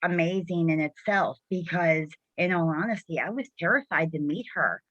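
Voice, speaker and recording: A woman's voice: fairly low pitch, normal speed, a bit bright, dry recording. A middle-aged woman hosting a casual video call, encouraging and enthusiastic. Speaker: host. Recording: dull lo-fi video call audio.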